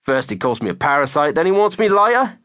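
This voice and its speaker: A man's voice: on the high side, sing-song, fast talker, fairly bright tone, no echo, studio quality, pitched above the performer's own voice. A man voicing a cocky young guy who puts on a fake British accent and whines when exposed. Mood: smarmy. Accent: put-on British. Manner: whiny, cocky.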